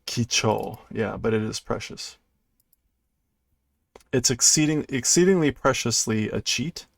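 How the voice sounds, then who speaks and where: Slow gravelly man reading aloud. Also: medium pitch, no echo. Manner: thinks aloud, stumbling and self-correcting; laughs lightly at himself. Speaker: streamer reading a manga aloud. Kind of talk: live-stream read-through, translating as he goes. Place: indoors at his computer.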